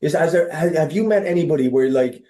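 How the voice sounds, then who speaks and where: A man with an Irish accent, a podcast guest telling stories in casual chat, animated, swearing freely and often restarting his sentences. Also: fairly high pitch, fast, reverberant. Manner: animated, profane, many restarts. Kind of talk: casual interview storytelling.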